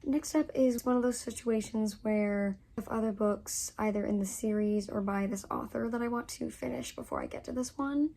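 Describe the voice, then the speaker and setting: A woman's voice: fairly high pitch, normal speed, vocal fry, few pauses, mellow. A young woman in her twenties chatting casually to camera as a book vlogger, gushing and full of fillers.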